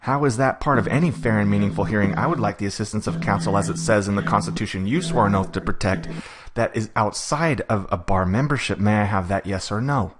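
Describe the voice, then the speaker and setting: A man coaching a client for a courtroom hearing, talking fast and acting out what the judge and defendant might say. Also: lowish voice. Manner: fast-talking, self-admittedly rushed; acts out judge and defendant lines in quick asides. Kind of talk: coaching session recap.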